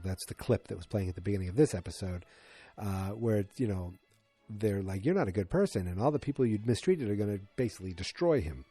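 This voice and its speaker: A man's voice: fairly low pitch, warm tone, no room sound. A man on a podcast casually retelling a sitcom episode, rambling with restarts and fillers and briefly acting out the characters' lines. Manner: rambling, restarts, lots of ums, acts out quotes. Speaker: podcast co-host.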